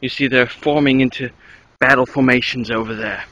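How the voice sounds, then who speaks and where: A man's voice: medium pitch, fairly even intonation, takes it slowly, darkish tone, dull audio, a little hiss or hum, lightly acted. A man putting on a pompous English nature presenter. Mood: mock-serious. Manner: mock-grave documentary narration. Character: mock-serious male nature-documentary presenter with a put-on English accent. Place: outdoors at an orchard.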